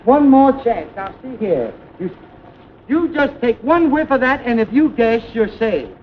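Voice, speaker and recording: An actor playing a fussy, excitable man who commands a comic firing squad, flustered and giggly, with wild swings in pitch, in a 1920s film comedy sketch on a muffled 1929 soundtrack. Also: a little slow, slight background noise. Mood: fussing.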